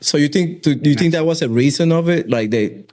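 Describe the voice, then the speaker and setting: A man hosting a podcast, chatting loosely and sharing his own stories with a halting, filler-heavy way of talking. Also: on the high side, darkish tone. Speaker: podcast host. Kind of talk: casual interview chat.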